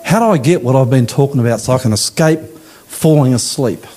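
A man preaching a sermon in a church, with slow, emphatic phrasing that rises and falls. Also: dark tone. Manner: emphatic preaching, slow deliberate phrasing with rising and falling pitch. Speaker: pastor.

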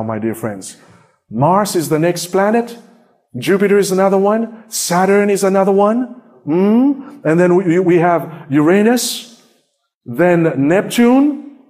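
A male preacher with a high voice delivers a sermon in an unhurried, drawn-out way. He keeps asking his listeners questions. He swings between ringing exclamations and hushed, low asides. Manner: emphatic, asks the congregation many rhetorical questions. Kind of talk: sermon with slides.

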